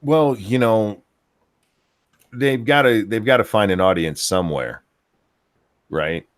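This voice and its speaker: A man's voice: lowish voice, slow, dry recording, studio quality. A man hosting a casual political chat show, talking in a rambling way with many fillers and restarts. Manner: rambling, filler-heavy delivery. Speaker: podcast host.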